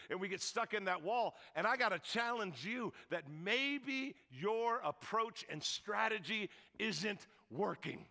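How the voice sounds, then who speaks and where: A man's voice: high-pitched, lively intonation, a little slow, hardly any pauses, bright, forceful tone, long reverb tail. A man pastor preaching a sermon, telling stories animatedly and acting out other people's voices with jokes.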